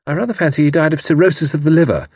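A man reading an audiobook, voicing a lively, mischievous young woman spy who talks in a breezy, self-assured way. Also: on the high side, very fast, husky, dry recording, clean studio sound, voice pushed up. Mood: playful.

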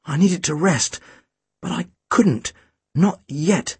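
An audiobook narrator reading a first-person story in a lively, expressive way. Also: mid-range voice, slow, slightly rough, no room sound.

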